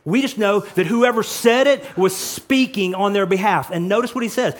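Male pastor, sermon, emphatic, loud and soft by turns, fairly high pitch. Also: moderate pace, hardly any pauses. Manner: emphatic, swings between loud and quiet.

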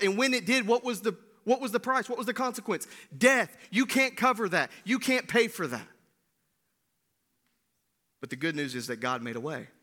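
A man preaching a sermon, swinging between loud bursts and hushed lines, often asking "right?". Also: high voice. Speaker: pastor.

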